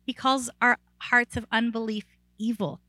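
Woman pastor, sermon, high voice, bright tone, conversational and animated. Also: normal speed, dry recording, rough recording. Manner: animated, rises in pitch and volume when excited; conversational with frequent "like" and restarts.

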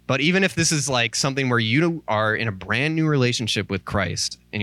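An associate minister preaches an informal sermon in church, speaking candidly and earnestly, almost in tears and pleading, with lots of "like" and "um." His medium-pitched, expressive voice is brisk, bright, and nearly pause-free, recorded on a microphone with no room sound.

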